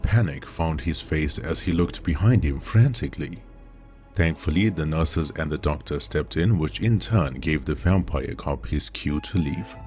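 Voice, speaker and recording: A man reading a scripted horror story in a measured, dramatic way. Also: very deep voice, darkish tone, faint music behind.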